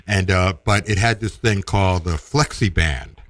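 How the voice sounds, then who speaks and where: A man casually telling a personal story, animated and acting out the voices of the people in it. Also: low voice, normal speed, no echo. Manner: animated, acts out quoted voices.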